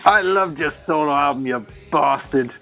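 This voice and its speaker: A man putting on a deliberately bad, exaggerated impression of a male rock star from Liverpool, pleading and mocking. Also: fairly high pitch, pushed and bright, soft background music. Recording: tinny phone-like line.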